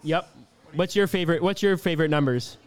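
A man in his twenties from Canada, answering interview questions in a relaxed, easygoing way with lots of fillers. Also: fairly high pitch, fairly quick. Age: 20s. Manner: easygoing, laughs often, many fillers. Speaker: hockey player being interviewed.

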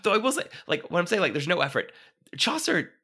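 A man hosting a film podcast, talking casually with halting restarts, fillers and frequent laughter. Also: sits high, big pitch swings, pushed and bright, slightly rough. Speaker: podcast host.

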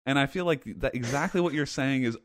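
A man co-hosting a gaming podcast, speaking in casual chat. He is animated and emphatic and repeats points for effect. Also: mid-range voice, fast talker, a little hiss or hum. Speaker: podcast host.

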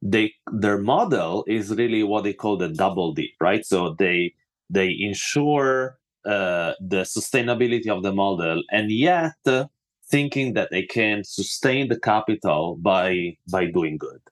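A man's voice: fairly low pitch, measured pace. A man hosting a podcast panel, talking with many fillers and restarts as he frames questions. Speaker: podcast host.

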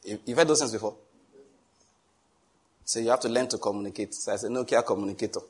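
A man's voice: fairly low pitch, fast, a little hiss or hum. A middle-aged male pastor preaching a sermon, telling stories with a jovial, teasing manner and frequent chuckles. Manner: teasing, animated asides.

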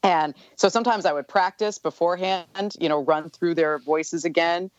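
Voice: mid-range voice, steady tone, normal speed, dry recording, lo-fi sound. An author being interviewed, talking casually and chattily with many fillers. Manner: chatty, full of "you know" fillers. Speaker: author and guest.

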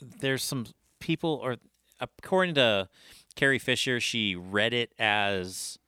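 A man co-hosting a podcast in casual chat, animated and emphatic. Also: medium pitch, slow, clear, resonant tone, no room sound, clean studio sound. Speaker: podcast co-host.

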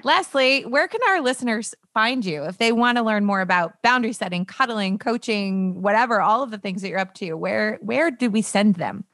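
A woman's voice: medium pitch, expressive, moderate pace, hardly any pauses, a bit bright, no echo. Woman, podcast host, chatty, laughs often, dry close sound. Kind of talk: casual chat.

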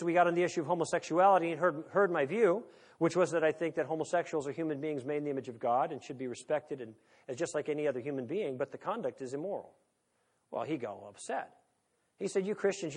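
A man lecturing an audience in a conversational, wry way, leaning on rhetorical questions. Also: fairly high pitch. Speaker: speaker.

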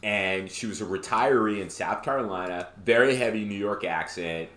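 A man co-hosting a podcast in casual political chat, animated and quick to mock others in high put-on quotes. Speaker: podcast co-host. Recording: roomy echo.

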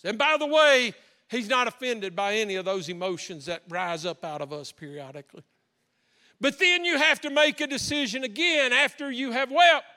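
A man's voice: very high-pitched, pushed and bright. A male pastor preaching a story-driven sermon, impassioned and swinging between solemn and joking.

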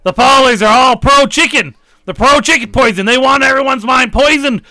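A man doing a gravelly, ranting conspiracy radio host. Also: high voice, animated, normal speed, dry recording, full character voice. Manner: shouty, paranoid ranting.

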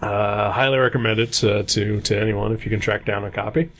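A man's voice: fairly low pitch, steady tone, brisk, a bit bright. A man co-hosting a casual comics podcast, talking in a rambling, hesitant way with many fillers. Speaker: podcast co-host.

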